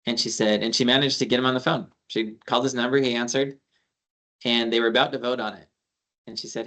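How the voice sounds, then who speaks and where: A man's voice: mid-range voice, flat delivery, fairly quick, pushed and bright. A man, an attorney, giving a casual training talk, telling anecdotes with quoted dialogue and frequent fillers. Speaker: attorney leading a civic training.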